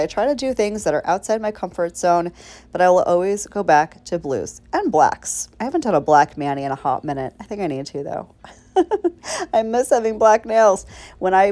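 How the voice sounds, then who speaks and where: A woman's voice: mid-range voice, animated, brisk, dark tone. A woman chatting through a nail tutorial in a bubbly, rambling way, talking straight to her viewers. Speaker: nail art creator.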